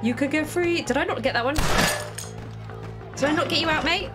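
A woman's voice: high-pitched, brisk, loud music behind the voice. A woman giving casual commentary while playing a game, chatty and self-mocking, talking back to the characters. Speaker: gaming streamer.

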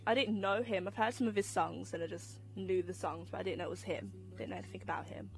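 A young woman from Birmingham, a guest on a chat show, who gives brief, soft-spoken answers. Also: lowish voice, expressive, fast, soft background music. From Birmingham, England. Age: young adult. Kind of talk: casual interview answers.

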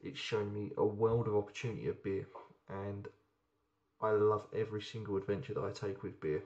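A man's voice: lowish voice, fairly even intonation, fairly quick, a little mellow, highs cut off. A young man chatting casually and enthusiastically while reviewing beers, rambling with plenty of ums. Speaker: beer reviewer. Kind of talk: casual beer review vlog.

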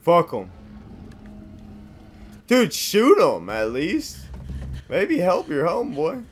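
A young man commentating on his horror game playthrough, swearing freely and reacting loudly to each turn. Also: a little high, huge pitch swings, slow, a little hiss or hum. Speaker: gameplay commentator. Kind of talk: let's play commentary.

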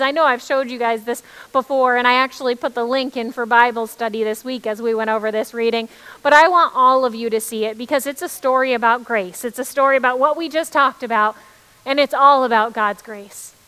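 A woman pastor giving an online sermon in a reassuring way, slowing down on key words. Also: high voice, pushed and bright, clean tone. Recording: long reverb.

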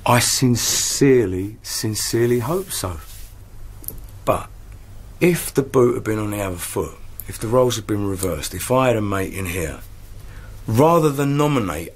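A man's voice: mid-range voice, animated, normal speed. A man talking earnestly about himself, often stumbling over repeated words. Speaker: reality show housemate. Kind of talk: earnest personal talk.

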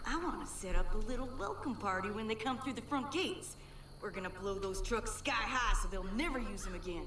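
A woman's voice: medium pitch, expressive, brisk, natural voice. Casting: actress as a tough game rebel woman, coarse and determined, heard from off-mic. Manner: blunt, coarse. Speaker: resistance fighter in a video game. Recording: roomy game audio from a distance, music behind.

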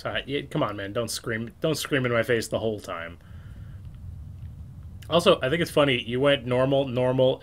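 Man, let's-play commentator, rambling and self-mocking, casual swearing. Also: mid-range voice. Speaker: game streamer.

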